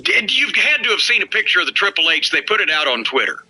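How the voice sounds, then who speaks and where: A man's voice: high-pitched, sing-song, fast, pushed and bright, slightly rough, soft background music, low-quality recording. A middle-aged man hosting a podcast, telling wrestling stories in a blunt, profane, mocking way. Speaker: podcast host, former wrestling worker. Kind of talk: casual storytelling chat.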